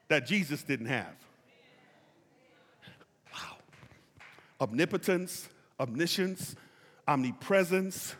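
A man's voice: a little high, fairly bright tone. A man preaching a sermon in a church, leading call-and-response by having listeners repeat phrases after him. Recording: long reverb of a large hall.

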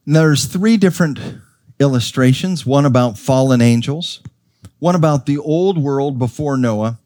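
A middle-aged man preaching a sermon, emphatic, asking the congregation questions and leaping up in pitch for stress. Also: measured pace, a little mellow, dry recording, clean studio sound. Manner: emphatic, with rhetorical questions and sudden pitch leaps.

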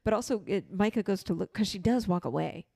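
A young woman with a gravelly, fry-laden voice co-hosts a casual movie podcast. She reacts emphatically and repeats her reactions. The recording is dry and close. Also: medium pitch, brisk, mellow, no echo. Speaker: podcast co-host.

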